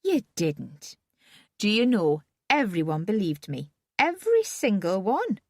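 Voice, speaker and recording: A woman's voice: mid-range voice, very animated, measured pace, no echo, studio quality. Woman voicing a fussy landlady. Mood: indignant. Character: fussy motherly older landlady.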